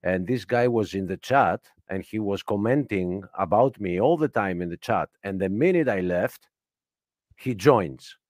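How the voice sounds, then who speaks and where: A man with a low voice, recorded dry and close. He talks as a guest in casual chat, animated and mocking as he tells his story. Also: unhurried, no echo.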